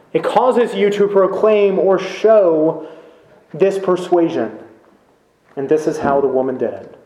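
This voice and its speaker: A man preaching a sermon in a church, slow and emphatic, with many rhetorical questions. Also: on the high side, a little mellow, echoey room, low-quality recording. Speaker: pastor. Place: church sanctuary.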